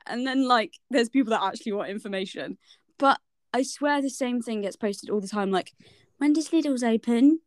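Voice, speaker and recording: A woman's voice: a little high, a little fast, dry recording. A young woman with a West Country accent, co-hosting a casual podcast chat, swearing freely and acting out people she quotes. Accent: West Country English. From West Country, England. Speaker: podcast co-host.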